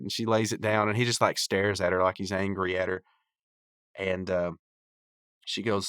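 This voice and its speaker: A man's voice: fairly low pitch, little pitch movement, moderate pace, fairly bright tone, no room sound, studio quality. A man hosting a podcast, recapping a cartoon episode in a rambling, chatty way full of restarts. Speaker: podcast host.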